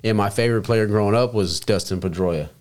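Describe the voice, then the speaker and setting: A man's voice: on the low side, fairly quick, darkish tone, slight background noise. A young man chatting casually, telling a long rambling story with lots of swearing. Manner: rambling, profane, laid-back storyteller.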